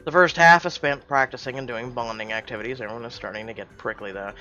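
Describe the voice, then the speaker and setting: A man reads a story game aloud and reacts between passages with loud, animated exclamations. The audio is slightly muffled, with soft music running faintly underneath. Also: medium pitch, fast talker.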